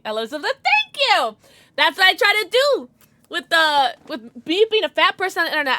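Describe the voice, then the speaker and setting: Woman, 30s, gaming streamer, casual chat, bright and slightly high. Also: no room sound. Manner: chatty, affectionate with chat, frequent fillers.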